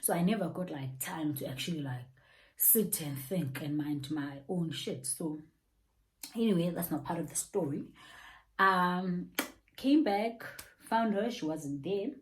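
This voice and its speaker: Animated South African woman telling a story. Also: on the low side, measured pace, low-quality recording. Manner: animated, laughing, drops local slang. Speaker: YouTuber. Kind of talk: casual storytime.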